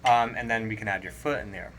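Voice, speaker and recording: A man teaching a drum lesson, counting rhythms aloud in a relaxed, explanatory way. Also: lowish voice, quick pace, slight background noise. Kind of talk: casual spoken drum lesson. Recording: drums playing clearly behind the voice. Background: drum kit playing.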